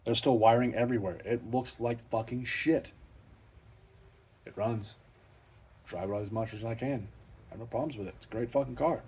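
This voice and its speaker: At a normal speed with long pauses, a middle-aged man talks in a medium-pitched, darkish voice with a breathy edge. He hosts a car channel and is filming a spontaneous vlog in his home garage, cursing freely and sounding blunt, plain-spoken, matter-of-fact and self-deprecating.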